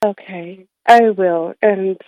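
Female radio guest, mid-pitched, emotional and candid, dry tinny phone audio. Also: slow, dry recording. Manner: emotional, candid, warm with light laughter. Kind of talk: radio interview.

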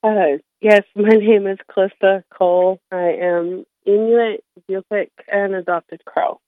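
Female radio guest, mid-pitched, emotional and candid, dry tinny phone audio. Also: fairly even intonation, a little slow, dry recording. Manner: emotional, candid, warm with light laughter. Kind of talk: radio interview.

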